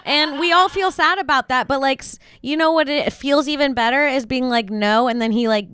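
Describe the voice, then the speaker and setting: A woman's voice: high-pitched, fairly quick, bright, forceful tone, slight background noise. A woman hosting a podcast in casual comedic chat, brash and jokey. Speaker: podcast host. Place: podcast studio.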